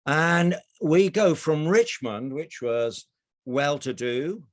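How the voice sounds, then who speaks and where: A middle-aged man giving a storytelling presentation over a video call from a narrowboat kitchen, animated, with frequent restarts. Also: a little high, slow pace. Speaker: speaker.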